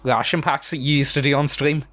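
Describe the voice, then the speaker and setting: A man's voice: a little high, steady tone, fairly quick, background noise. A man hosting a casual chat, laughing often and asking profane, teasing questions. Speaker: host.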